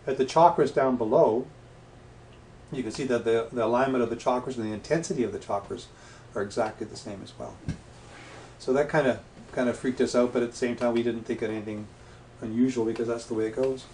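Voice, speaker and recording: A mid-pitched man chats as a guest, spinning anecdotes and playing out the voices of the people in them. He sounds set back from the mic in a roomy, echoing space, with a faint hiss underneath. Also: fast, darkish tone. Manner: anecdotal storyteller who acts out quoted voices. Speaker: guest, past life regression practitioner. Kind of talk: casual interview chat. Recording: echoey room, distant mic, faint noise.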